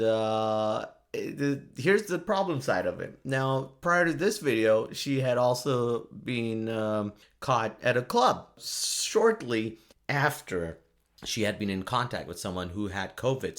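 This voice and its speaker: A man's voice: mid-range voice, a bit bright. A man hosting a solo podcast, rambling and joking, laughing often at his own remarks. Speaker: podcast host.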